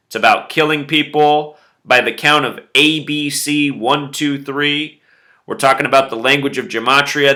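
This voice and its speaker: A man's voice: medium pitch, bright, forceful tone. A man hosting a solo commentary video in a loose, conversational way, with musing asides and numbers repeated for emphasis. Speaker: video host.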